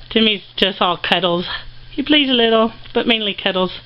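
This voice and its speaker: A woman's voice: mid-range voice, normal speed, highs cut off. A woman filming a casual home video, chatting to her puppies and pets in a sing-song voice and laughing often.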